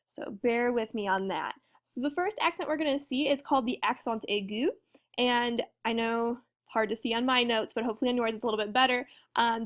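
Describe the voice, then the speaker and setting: A woman teaching a lesson in a friendly, explanatory way, often asking her students questions. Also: on the high side. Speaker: French teacher. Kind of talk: classroom lesson walkthrough.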